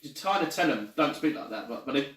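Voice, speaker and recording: Guy on a podcast talking fast, explaining stuff, echoey room. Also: mid-range voice, lively intonation, a bit bright, far from the mic. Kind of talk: casual chat. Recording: echoey room, away from the mic.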